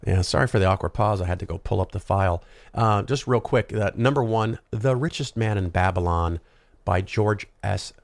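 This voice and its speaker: A man hosting a podcast talks alone in a loose, rambling way, full of ums and small asides. His voice sits very low with a gravelly fry running through it. The recording is close and dry, with no room sound. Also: normal speed, no echo. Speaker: podcast host. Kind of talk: casual solo monologue.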